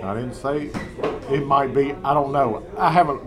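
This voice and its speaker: A man in casual banter, teasing his friend while reading aloud haltingly. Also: mid-range voice, crowd noise.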